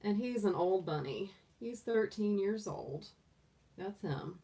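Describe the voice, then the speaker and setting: Slow-talking woman a bit off mic. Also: mid-range voice, animated, mellow, far from the mic. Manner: doting, chatty, laughs often. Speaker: tarot reader, livestream host. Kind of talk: casual livestream chat. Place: room at home with the door closed.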